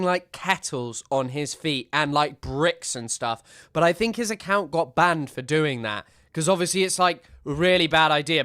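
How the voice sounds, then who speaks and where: A man's voice: a little high, fairly bright tone, no echo, clean studio sound. Joking young man from Southwest England. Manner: joking, rambling. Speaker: streamer. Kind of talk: casual stream commentary.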